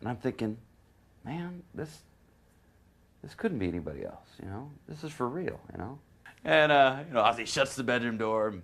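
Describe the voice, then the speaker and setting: A guitarist telling a lively anecdote, putting on other people's voices and laughing often. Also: male voice, medium pitch, moderate pace. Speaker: guitarist, interviewee. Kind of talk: animated storytelling.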